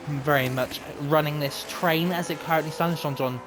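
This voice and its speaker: A man giving chatty live commentary on an online racing league, talking in quick bursts. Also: a little high, fairly even intonation, noisy background. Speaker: race commentator.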